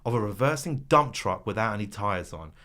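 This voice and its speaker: A man putting on a scornful man ranting at a dinner rival, delivered slowly and cuttingly. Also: lowish voice, animated, sharp tone.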